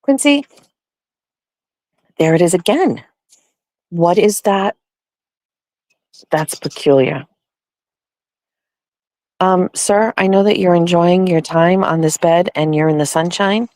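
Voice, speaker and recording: A woman's voice: lowish voice, slow pace, pauses often, a little mellow, dry recording, low-quality recording. A woman hosting a casual vlog from home, telling a story with plenty of swearing and laughter. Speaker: vlog host. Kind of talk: casual chatty monologue. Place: at home with her dogs.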